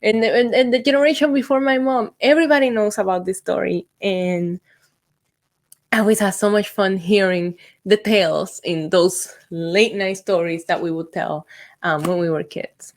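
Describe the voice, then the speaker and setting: A young woman from Puerto Rico hosting her own vlog, chatting and telling a spooky story in an excitable way, with ums and asides. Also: mid-range voice, moderate pace. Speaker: YouTube host.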